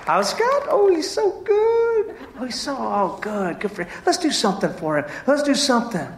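A man's voice: very high voice, very animated, normal speed, some chatter behind, a little hiss or hum, exaggerated voice. A man voicing a fond, fatherly God who checks on a believer in a cooing tone, recorded in an echoey church hall. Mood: doting.

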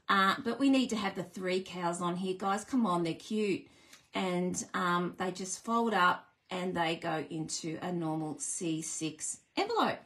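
A bubbly Australian woman with a slightly high voice runs a live card-making lesson from her craft room. She chats eagerly with viewers as she shows each step, excited by every little detail. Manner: bubbly, chatty and easily excited.

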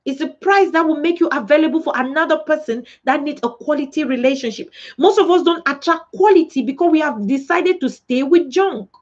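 A woman pastor delivers a sermon in a high, bright-edged voice. She preaches emphatically, acting out little quotes and asking the room rhetorical questions. The recording sounds dull and lo-fi. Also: fairly quick, few pauses.

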